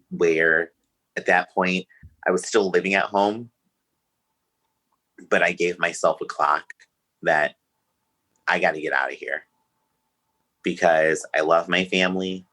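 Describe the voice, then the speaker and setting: A man's voice: deep voice, sharp tone, low-quality recording. A man, a podcast guest, telling a painful personal story in an earnest, emotional way.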